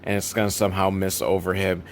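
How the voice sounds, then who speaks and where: A man recapping a terrible movie for laughs, sarcastic and full of profanity. He jumps from loud, incredulous outbursts to tired, deflated muttering. He sounds like he can barely believe what he is watching. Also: deep voice, little pitch movement, quick pace, a little hiss or hum. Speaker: comedic movie reviewer. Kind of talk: comedic recap commentary.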